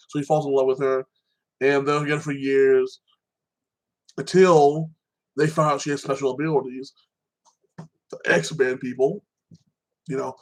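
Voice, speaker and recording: A man's voice: mid-range voice, low-quality recording. A man talking alone in a casual, rambling recap of a movie, full of fillers and restarts, swearing freely. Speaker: vlogger.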